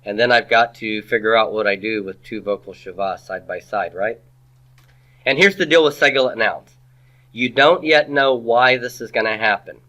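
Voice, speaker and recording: Bright-voiced man teaching a class. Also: medium pitch, normal speed, dull audio. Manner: quizzing students with rhetorical questions; playful asides. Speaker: Hebrew grammar teacher. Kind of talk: classroom lecture.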